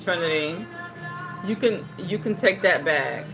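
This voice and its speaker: This young woman's voice is fairly low and unhurried, heard over music while she hosts a livestream from her home. She reads comments from her viewers and jokes around in easygoing chat, animated and fond of playful put-on voices.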